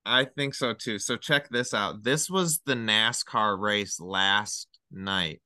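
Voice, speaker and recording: A man with a low, deep voice and a bright, crisp, clean tone, guesting on a casual podcast. He rambles excitedly from one number theory to the next, and his voice is recorded close and dry. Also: slow, no room sound. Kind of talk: casual chat.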